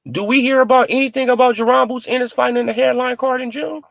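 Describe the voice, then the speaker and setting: A man giving casual, animated boxing commentary in heavy slang, mocking and joking as he goes. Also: very high voice, quick pace, creaky, no echo. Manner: animated, mocking, heavy on "you feel what I'm saying".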